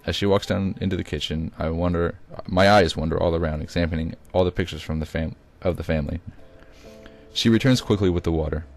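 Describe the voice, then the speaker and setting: A man with a very low, deep voice reads his own first-person story aloud. The delivery is amateur, with occasional stumbles and restarts. Faint music plays behind him. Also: fairly quick, dry recording. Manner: occasional stumbles and self-corrections. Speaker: reader.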